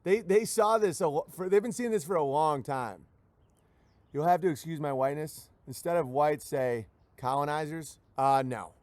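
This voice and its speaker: Male livestream host, fairly high voice, dry close mic, sardonic rambling rants, jumps into mock voices. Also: normal speed, a little mellow, no room sound. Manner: sardonic, acts out quoted voices mid-sentence. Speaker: livestream show host reading viewer messages. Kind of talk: rambling comedic rant.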